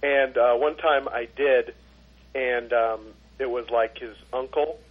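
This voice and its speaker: A man's voice: medium pitch, steady tone, slow, husky. A man guest on a podcast, telling a rambling story in casual chat. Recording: dull lo-fi sound.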